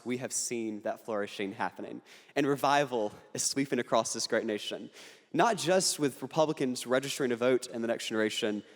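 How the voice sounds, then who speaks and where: Earnest and punchy, a young man speaks politically to an audience on a university campus, working quick jokes into his argument. His voice is of ordinary pitch, and the large hall gives every line a long reverberating tail.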